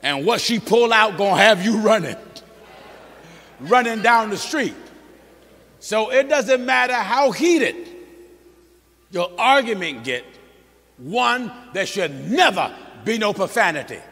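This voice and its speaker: A man's voice: sits high, expressive, takes it slowly, long pauses, fairly bright tone, in a large hall. A male pastor preaching an emphatic sermon, repeating scripture lines and calling for responses from the congregation.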